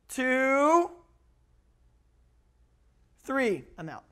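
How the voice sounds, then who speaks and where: A man speaking as youth pastor, telling lively stories and repeating his key words for emphasis. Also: sits high. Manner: animated storyteller who acts out quotes, repeats key words. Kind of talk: youth ministry talk.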